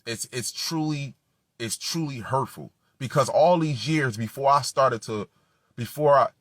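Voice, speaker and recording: Husky man preaching with fierce intensity. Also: medium pitch, measured pace, no echo, studio quality. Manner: emphatic, profane, builds to shouting. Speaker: spiritual speaker. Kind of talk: impassioned preaching monologue.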